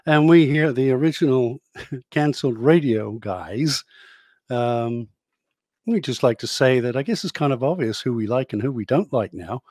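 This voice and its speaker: A man's voice: mid-range voice, normal speed, darkish tone, no echo, clean studio sound. A man with a British accent, co-hosting a casual political chat in a wry, laid-back way and laughing easily. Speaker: co-host.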